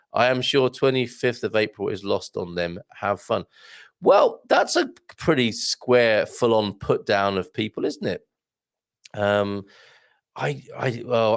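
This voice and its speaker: Wry chatty British man with gravelly voice. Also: mid-range voice. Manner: chatty, wry, lots of ums and asides. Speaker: live show host reading viewer comments. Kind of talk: casual live-stream chat.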